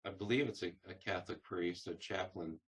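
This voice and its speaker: A man with a lowish voice conducts an oral history interview. He builds his questions slowly, pausing and restarting as he feels his way. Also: slightly rough. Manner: searching, hesitant questions.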